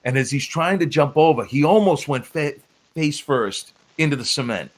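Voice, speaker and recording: Man, podcast guest, former referee, animated storyteller, casual, laughs easily. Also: on the high side, normal speed.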